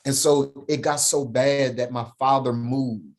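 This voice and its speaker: A middle-aged man speaks as a podcast guest, emphatic and heartfelt. His voice sits in an ordinary middle pitch, and he keeps punctuating his story with "right?" and "man". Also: steady tone, a little slow, a little mellow. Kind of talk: personal storytelling in an interview.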